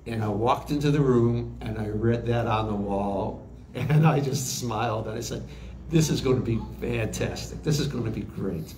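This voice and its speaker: Speaking at a medium pitch with a slightly mellow tone, a sixty-something recording engineer shares interview stories in a halting way, often restarting and using fillers. There's a touch of hiss or hum, plus a roomy echo and faint background ambience.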